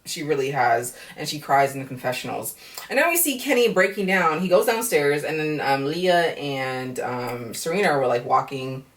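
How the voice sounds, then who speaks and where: Low-voiced woman chatting frankly, slightly off-mic. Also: lively intonation, moderate pace, recorded from a distance. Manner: frank, chatty, with heavy profanity. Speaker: reality TV recap vlogger. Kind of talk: casual recap vlog.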